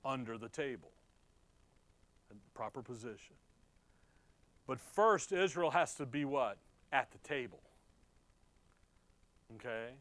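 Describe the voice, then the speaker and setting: A man preaching in a conversational Bible-teaching style. He asks his own questions and answers them, and swings between emphatic stresses and quiet asides. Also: mid-range voice, animated, slow pace, long pauses, dry recording. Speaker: pastor.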